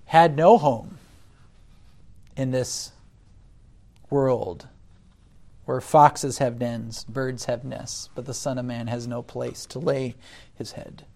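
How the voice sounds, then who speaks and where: A man delivers a sermon at a slow, unhurried pace. His voice sits at an ordinary middle pitch and swells loud when he quotes scripture, then sinks low and quiet between points. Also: fairly even intonation, gravelly. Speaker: preacher.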